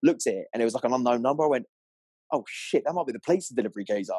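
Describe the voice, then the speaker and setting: A young man, an angler, telling a story in an animated, rambling way full of fillers, on a clip-on mic. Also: medium pitch, very fast, husky, no room sound. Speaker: angler guest. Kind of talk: excited storytelling.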